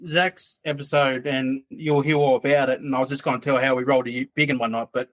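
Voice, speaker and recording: A man's voice: medium pitch, little pitch movement, fairly quick. Rambling man telling a story. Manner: rambling, loose, full of "like" asides. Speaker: podcast guest. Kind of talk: casual storytelling.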